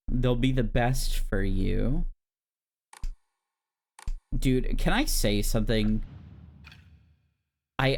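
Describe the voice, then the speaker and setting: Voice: mid-range voice, a little mellow. A streamer chatting casually with viewers while playing a horror game, talking directly to the chat and giggling often.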